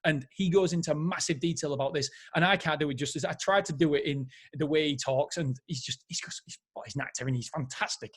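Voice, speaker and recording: Excitable guy rambling through a book review, fairly high voice. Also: brisk, hardly any pauses, husky. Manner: enthusiastic, rambling, frequent self-corrections. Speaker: podcast host.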